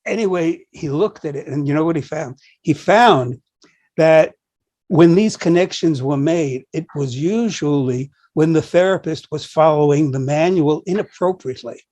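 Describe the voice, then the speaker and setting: Older male co-host, higher-pitched, anecdotal and animated in conversation. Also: moderate pace. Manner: anecdotal storyteller, acts out quoted dialogue. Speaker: podcast co-host, psychology professor. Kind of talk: conversational discussion.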